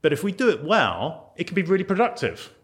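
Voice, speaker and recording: A man's voice: on the high side, huge pitch swings, brisk. A British man giving a conversational teaching talk on ministry to a group in a meeting room. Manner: conversational, acts out quoted voices. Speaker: ministry trainer.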